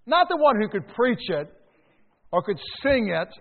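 An older man preaching a sermon as pastor, conversational, with emphatic rises and quiet drops. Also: high voice, sing-song, a little slow. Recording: tinny phone-like sound in a reverberant hall.

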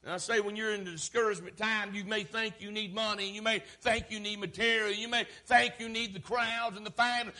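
A preacher delivers an impassioned sermon in a very high, bright, sharp voice. His delivery swells into shouts and then sinks back down low. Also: fast, few pauses.

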